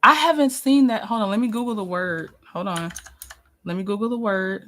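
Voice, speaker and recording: A woman hosting a casual live stream, chatting with viewers and answering their comments, animated and quick to laugh. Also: mid-range voice, slight background noise. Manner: chatty and animated, laughs often, restarts sentences.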